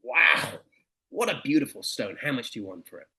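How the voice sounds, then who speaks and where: A man's voice: medium pitch, big pitch swings, normal speed, vocal fry, pushed and bright, heavily acted. A man voicing an admiring stone dealer and a professor in a spoken story. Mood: impressed. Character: impressed older male stone dealer.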